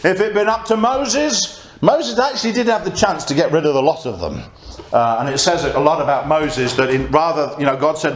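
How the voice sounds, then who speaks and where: A man's voice: on the high side, expressive, brisk, slight background noise. A man preaching a conversational sermon and reading scripture aloud. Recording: echoey church room.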